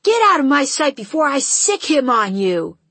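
A woman's voice: high voice, big pitch swings, normal speed, pushed and bright, no echo, pitched above the performer's own voice, exaggerated voice. A woman reading a tough teenage boy who threatens a bully. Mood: threatening.

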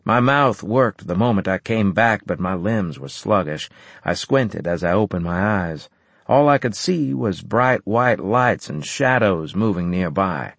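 Low, lively male audiobook narrator. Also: measured pace, gravelly, dry recording. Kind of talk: first-person scripted narration.

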